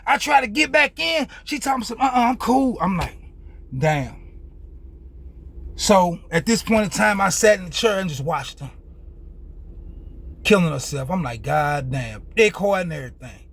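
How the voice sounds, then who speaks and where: A man's voice: high-pitched, lively intonation, moderate pace, gravelly, fairly bright tone, slightly rough. A young man telling a casual, profane story in loose street slang as a vlogger.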